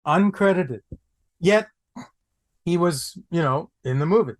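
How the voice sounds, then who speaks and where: A man, an actor guest on a podcast, telling anecdotes in an animated way, repeating phrases for comic effect. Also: fairly high pitch, measured pace. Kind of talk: anecdotal storytelling.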